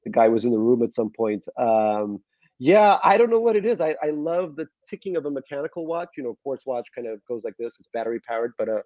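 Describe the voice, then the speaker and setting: A man's voice: medium pitch, expressive, fast talker, no echo. A middle-aged man from Russia with a slight Queens accent, an author chatting in an interview in a self-deprecating way with many fillers. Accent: slight Queens New York. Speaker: author guest. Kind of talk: conversational interview. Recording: dull lo-fi sound.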